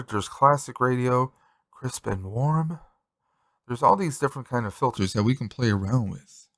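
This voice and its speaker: Brief: chatty male tech vlogger, mid-pitched, loose and rambling, recorded on a desk mic at home. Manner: rambling, chatty, thinks aloud. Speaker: tech reviewer. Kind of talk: casual product demo. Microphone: desk USB microphone.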